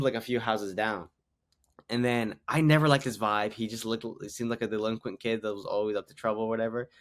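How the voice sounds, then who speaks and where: A man in his twenties from Canada, a guest comedian telling rambling anecdotes full of "like.". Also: fairly low pitch. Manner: rambling anecdotes, heavy use of "like". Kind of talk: casual podcast storytelling.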